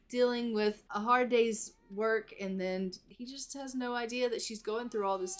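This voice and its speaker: A woman's voice: medium pitch, slight background noise. A woman narrating a life-simulation game as an ongoing story, chatty and rambling, often repeating herself. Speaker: gameplay narrator. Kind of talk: life-sim let's play storytelling.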